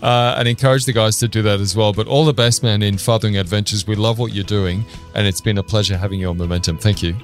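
A man's voice: on the low side, fairly even intonation, fast, hardly any pauses, faint music behind. A man hosting a faith-based interview show, easygoing and reflective. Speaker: host. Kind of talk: podcast interview.

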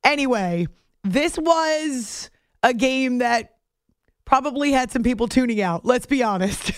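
A woman's voice: sits high, expressive, measured pace, dry recording, studio quality. A woman hosting a late-night sports radio show, talking casually with sarcastic, self-mocking asides. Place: radio studio. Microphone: studio microphone.

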